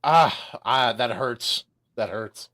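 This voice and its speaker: A man's voice: medium pitch, takes it slowly, fairly bright tone, dry recording, studio quality. A man hosting a casual podcast chat, telling corny jokes and laughing at them. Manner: jokey, laughs at his own puns. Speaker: podcast host.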